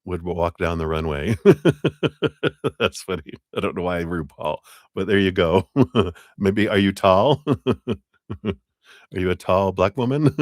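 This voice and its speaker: Low-voiced guy doing a chill tarot livestream, chatty and giggly, dry sound. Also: animated, takes it slowly, pauses often, dry recording. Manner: chatty, laughs often, giddy. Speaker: tarot reader hosting a live stream. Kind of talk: casual live-stream chat.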